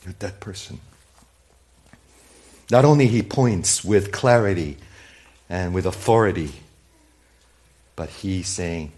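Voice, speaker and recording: Man preaching with loud-to-hushed swings. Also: low voice, takes it slowly, long pauses. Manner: swings from loud emphasis to hushed, near-whispered asides; conversational, speaks straight to the congregation with questions. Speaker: pastor. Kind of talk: sermon.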